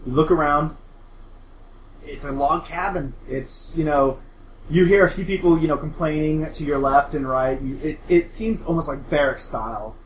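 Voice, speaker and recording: A man's voice: fairly high pitch, moderate pace, echoey room, slight background noise, rough recording. A man narrating as game master in loose, chatty storytelling full of fillers.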